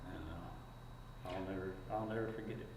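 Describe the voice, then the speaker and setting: Fire chief, low voice, halting and heartfelt, echoey hall, clear background noise. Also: male voice, fairly even intonation, a little mellow, recorded from a distance. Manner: halting, heartfelt, slow pauses. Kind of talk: casual remembrance.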